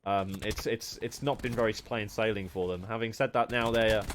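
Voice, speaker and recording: A young English man casting an esports match, joking between rounds and calling plays briskly. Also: lowish voice, steady tone, slight background noise. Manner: joking banter, then brisk play-by-play. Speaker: esports caster. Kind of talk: live match commentary.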